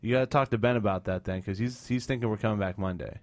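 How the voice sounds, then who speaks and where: A man hosting a casual gaming podcast, talking in animated, excitable banter. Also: lowish voice, fast, no room sound. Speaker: podcast host.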